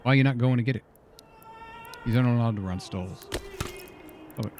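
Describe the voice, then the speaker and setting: A man's voice: medium pitch, fairly quick, over music. A man streaming a game, chatting casually and muttering exasperated questions to himself as he plays. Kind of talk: casual gameplay commentary.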